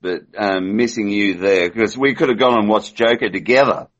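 A man's voice: fairly low pitch, steady tone, normal speed. A man on a call talking in a rambling, earnest way, often repeating himself. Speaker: caller. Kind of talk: casual chat on a call. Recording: dull lo-fi call audio.

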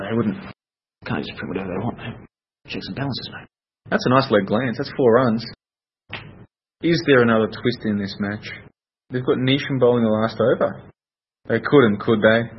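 A man's voice: on the low side, dull audio, slight background noise. A man, rambling sardonically as he comments on a cricket match for his podcast. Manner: rambling, sardonic, talks to himself. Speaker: podcast host. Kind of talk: casual commentary while watching cricket.

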